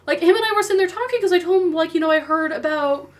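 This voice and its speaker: A woman hosting a podcast, telling stories in a chatty, bubbly way. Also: very high voice. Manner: chatty storytelling, fast and bubbly. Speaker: podcast host. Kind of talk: casual chat.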